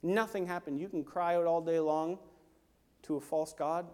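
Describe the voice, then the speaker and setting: A man preaching a sermon, swinging from hushed, intimate lines to loud, urgent ones. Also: on the high side, level tone, normal speed, clear, resonant tone, long reverb tail. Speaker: pastor. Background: worship team instruments.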